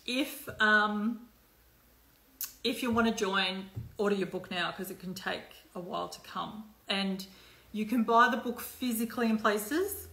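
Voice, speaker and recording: A woman talks to her viewers on a live stream in a loose, rambling way, full of fillers and the odd curse. Her voice is bright and forward, and the room around her rings with echo. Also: medium pitch, unhurried. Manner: chatty and loose, with many fillers, swearing and asides. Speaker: life coach hosting a live stream. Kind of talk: casual live-stream chat.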